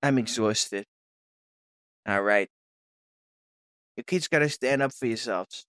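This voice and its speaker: A woman playing an exhausted gruff old dad. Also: takes it slowly, fairly bright tone, no echo, clean studio sound, heavily acted. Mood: weary. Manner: tired, low and muttering. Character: weary, gruff middle-aged father. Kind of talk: improvised comedy podcast.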